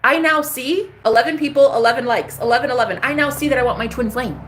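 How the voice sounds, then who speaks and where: A woman's voice: high-pitched, fast, slight background noise. A woman content creator talking straight to camera in a casual vlog monologue, candid and emphatic, with plenty of swearing. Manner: candid, profane, emphatic self-talk.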